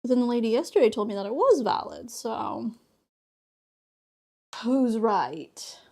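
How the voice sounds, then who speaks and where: A woman's voice: fairly high pitch, animated, measured pace, darkish tone. A young woman streaming a crafting session, chatting casually, laughing often and acting out conversations as she tells stories. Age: young adult. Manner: chatty, laughs often, acts out dialogue in storytelling. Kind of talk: casual chat while crafting.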